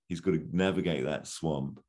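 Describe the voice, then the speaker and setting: A man's voice: rumbling low, moderate pace, darkish tone. A man telling a story in a casual, rambling podcast chat, with many fillers. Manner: rambling, filler-heavy, chuckling.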